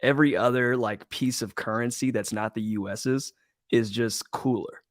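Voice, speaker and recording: A man from the American Midwest talks as a guest over a video call, easygoing and jokey. His voice is mid-pitched and ordinary. The sound is dry and close, with no room echo. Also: fairly even intonation, moderate pace. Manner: easygoing, jokey, laughs along. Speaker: actor and comedian, guest. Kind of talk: casual interview chat.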